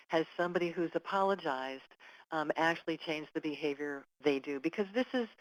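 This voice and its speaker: A woman's voice: lowish voice, dry recording, low-quality recording. A woman giving an educational webinar talk, earnest and emphatic, who sometimes acts out example apologies. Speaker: webinar presenter.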